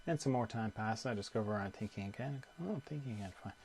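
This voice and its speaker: Calm man teaching meditation. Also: lowish voice, quick pace. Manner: calm, conversational, repeats phrases. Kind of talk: guided meditation talk.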